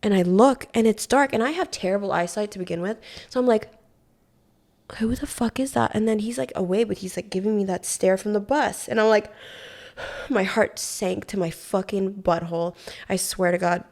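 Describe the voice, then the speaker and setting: A young woman from Hawaii, a podcast guest, telling a story in casual, profane, animated talk full of "like". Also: medium pitch, moderate pace. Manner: profane, animated, heavy use of "like".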